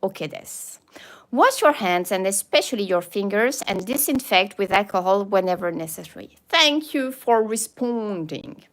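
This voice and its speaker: A woman's voice: mid-range voice, animated, normal speed, a bit bright. A woman with a French accent chatting casually on a livestream, reading a form aloud with playful asides and frequent laughter. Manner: reads forms aloud with playful asides, slips into French interjections, laughs often. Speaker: YouTuber.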